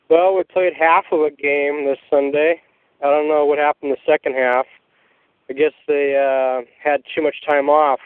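A man's voice: on the high side, clear, resonant tone, no room sound. A man phoning in to a radio show, casual and wry. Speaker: caller. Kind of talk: phoned-in voicemail. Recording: tinny phone line.

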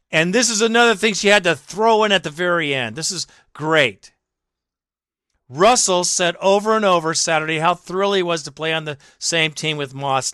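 High, tense sarcastic ranting man. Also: pushed and bright, clean tone, dry recording, clean studio sound. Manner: sarcastic, mocking, indignant; rants, swears, directly addresses absent critic. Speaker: podcast host. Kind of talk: ranting sports commentary.

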